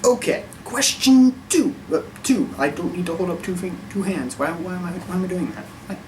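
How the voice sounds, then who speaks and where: A man with a voice a touch higher than most chats casually to camera. He is wry and wanders off track, catching himself mid-thought. He sits a little back from the mic, with a faint room hum underneath. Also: fast talker, distant mic, poor audio. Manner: wry, rambling, self-interrupting. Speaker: vlogger. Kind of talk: casual opinion vlog.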